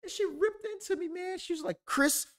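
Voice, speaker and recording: A man's voice: very high-pitched, brisk, a little mellow. A man co-hosting a podcast over a video call, telling stories in a rambling, self-deprecating way with lots of restarts. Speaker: podcast co-host. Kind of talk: casual chat.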